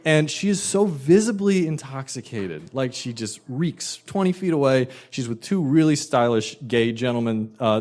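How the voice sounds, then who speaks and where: Animated male storyteller. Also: medium pitch, a little hiss or hum. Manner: animated, emphatic, self-mocking. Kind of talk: personal storytelling.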